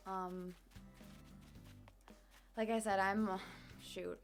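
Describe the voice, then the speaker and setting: A woman's voice: medium pitch, level tone, very slow, creaky, faint music behind. Chatty young woman streaming a game. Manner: chatty, self-deprecating, many fillers. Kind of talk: casual gameplay commentary. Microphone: desk microphone.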